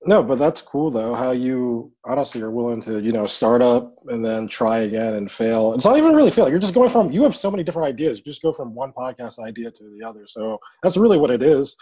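Male comedian guest, relaxed casual chat, medium pitch. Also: quick pace, hardly any pauses, husky.

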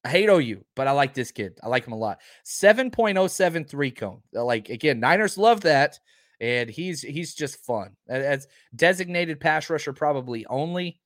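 A man's voice: a little high, lively intonation, moderate pace, a bit bright, no echo, clean studio sound. A man hosting a live show, chatting casually and emphatically while reading out viewer comments. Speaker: podcast host. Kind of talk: casual live-stream chat.

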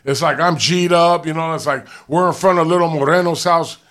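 Guy from LA, kinda high voice, rambling street-slang story, cussing a lot. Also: fairly quick, a bit bright. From Los Angeles. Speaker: podcast co-host. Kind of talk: casual storytelling.

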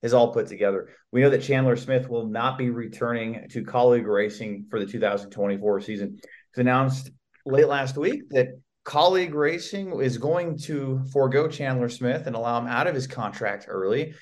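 A man's voice: medium pitch, moderate pace. A man co-hosting a podcast in casual sports talk, asking questions and reporting news. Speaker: podcast co-host.

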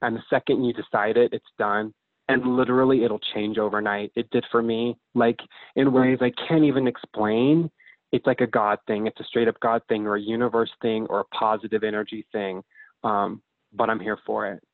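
A man of about thirty speaks as a podcast guest in a low, earnest voice, heartfelt and open, dropping the odd swear word. His voice comes over a tinny, phone-like line that is dry, with no room sound. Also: moderate pace, no room sound. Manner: heartfelt, expressive, swears casually. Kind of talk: emotional casual chat.

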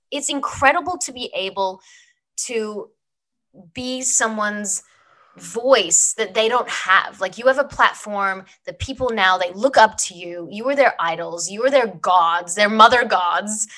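A middle-aged woman from Australia with an American accent that still carries faint Australian traces, co-hosting a casual podcast and telling stories quickly. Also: mid-range voice, fairly bright tone, low-quality recording. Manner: chatty storyteller, quick asides. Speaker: podcast co-host.

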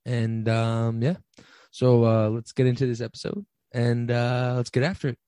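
A man's voice: medium pitch, little pitch movement, moderate pace, mellow, clean tone. A young man in his twenties hosting a casual solo podcast, talking with many ums and restarts. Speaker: podcast host.

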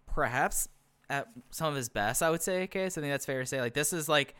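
A man's voice: fairly high pitch, fairly quick, sharp tone, clean tone, dry recording. A man co-hosting a casual wrestling review podcast, easygoing and self-deprecating with rambling thoughts. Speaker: podcast co-host.

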